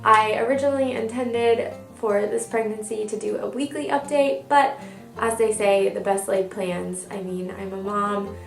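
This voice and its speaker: A woman's voice: mid-range voice, fairly even intonation, moderate pace, vocal fry, soft background music. A young woman giving a chatty, upbeat pregnancy update, stuffed up from a cold and a little out of breath. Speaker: vlogger. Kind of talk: casual pregnancy update vlog. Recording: echoey room, mic at a distance.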